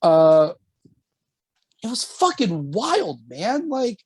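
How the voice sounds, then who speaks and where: A man telling a story on a casual podcast, animated and swearing often, jumping high when quoting himself. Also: very slow, breathy edge, dry recording. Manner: animated, swears often, jumps to high pitch for quoted lines. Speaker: podcast co-host.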